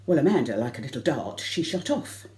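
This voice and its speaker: A middle-aged woman telling a comic personal anecdote to a concert audience, lively and self-mocking. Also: very deep voice, fairly quick. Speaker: variety concert performer.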